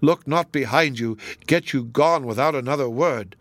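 A brooding, troubled young woman speaks low with tension in her voice, as a male reader plays her. The sound is dry and close. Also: moderate pace, a bit bright, no echo, natural voice. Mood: intense. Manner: low, intense delivery.

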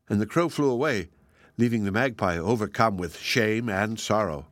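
Man, narrator, fairy tale reading, measured, dry close sound. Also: on the low side, lively intonation, a bit bright, no room sound.

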